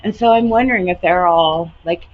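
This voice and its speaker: A woman in her late fifties venting to her camera in a casual, animated rant, swearing and laughing often. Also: fairly low pitch, brisk. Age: 50s. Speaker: vlogger. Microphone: camera mic. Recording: slightly muffled with faint background hiss.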